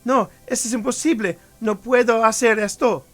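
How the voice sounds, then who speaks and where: A man voicing a skittish male automaton waiter with a jittery, excitable voice. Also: very high-pitched, a little fast, soft background music, voice pushed up. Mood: flustered.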